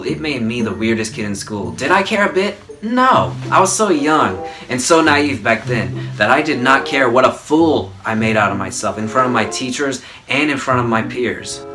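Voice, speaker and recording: Casting: young male vlogger, animated comic storyteller, mid-pitched, guitar music underneath.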